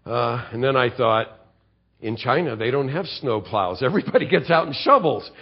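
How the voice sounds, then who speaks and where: A man preaching a sermon, telling scripture stories with animated delivery and reading passages aloud. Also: mid-range voice, normal speed, husky, highs cut off.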